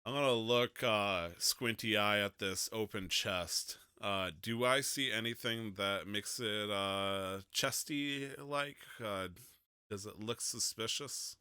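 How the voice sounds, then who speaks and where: A man playing a tabletop game, his voice very bright and smooth with a close, dry sound. He talks playfully, laughing often and breaking into shouted lines for his character. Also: on the low side, slow pace, dry recording. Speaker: player.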